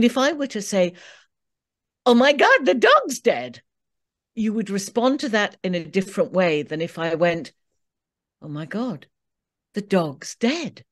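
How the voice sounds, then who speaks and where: A woman's voice: mid-range voice, a little mellow. A woman who is an audiobook narrator and coach, talking expressively in an interview and acting out example line readings. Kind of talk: interview conversation.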